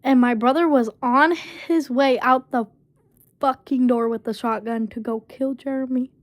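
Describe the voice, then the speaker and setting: A woman's voice: high voice, steady tone, no room sound. A woman casually telling a personal story, leaning heavily on fillers like "basically" and "um". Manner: halting, full of fillers like "basically" and "um". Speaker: storyteller vlogger.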